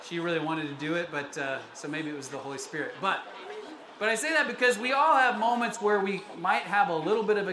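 A man in his forties from the United States, a pastor giving a chatty, personal, self-deprecating sermon in a church sanctuary. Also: fairly high pitch. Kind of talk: conversational sermon. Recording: echoey room with background noise.

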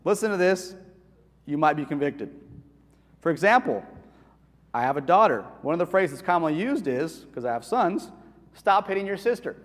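A man preaching a conversational sermon in a church, animated and asking the congregation questions. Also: a little high, moderate pace, pauses often. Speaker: pastor. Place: church hall. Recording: reverberant church hall.

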